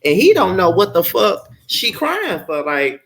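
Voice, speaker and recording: A man's voice: high voice, huge pitch swings, measured pace, gravelly, a bit bright. A man casually reviewing a reality show, exasperated and profane, often incredulous. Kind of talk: casual commentary vlog.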